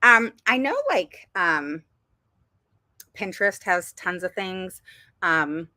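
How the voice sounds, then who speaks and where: Chatty mom, bright and close. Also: female voice, on the low side, expressive, takes it slowly, no echo. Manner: chatty, rambling with many ums and laughs. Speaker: parent vlogger giving advice. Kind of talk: casual advice talk to viewers.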